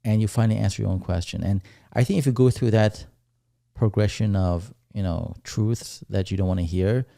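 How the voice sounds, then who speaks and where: A man co-hosting a podcast, talking things over in a reflective, unhurried way. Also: lowish voice, gravelly, dark tone, dry recording, studio quality. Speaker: podcast co-host. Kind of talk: casual chat.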